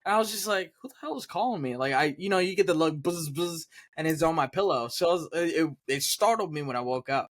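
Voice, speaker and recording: High-voiced man bantering on a podcast. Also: fast, hardly any pauses. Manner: joking, defensive banter, laughs often. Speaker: podcast co-host. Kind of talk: casual chat.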